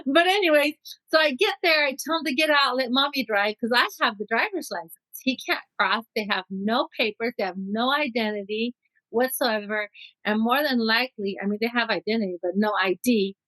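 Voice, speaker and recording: Middle-aged woman from Mexico, interview guest, lively first-person storyteller, slightly high voice, dry close sound. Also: a little fast, dry recording, low-quality recording. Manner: vivid storyteller who acts out quotes.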